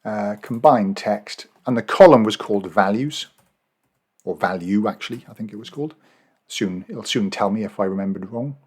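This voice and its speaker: A man's voice: lowish voice, moderate pace, darkish tone, breathy edge. An Australian man walking viewers through a spreadsheet task in a casual screen-recorded tutorial, thinking aloud with fillers and self-corrections. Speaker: Excel and Power BI trainer.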